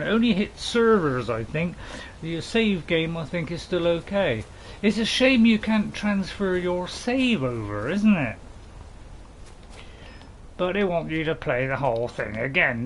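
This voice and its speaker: A chatty, middle-aged man talks to his stream chat as he plays, his voice sitting a little higher than most men's. He rambles good-naturedly, jokes and restarts his sentences. A faint hiss runs underneath. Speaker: gaming streamer. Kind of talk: casual live stream chat while playing.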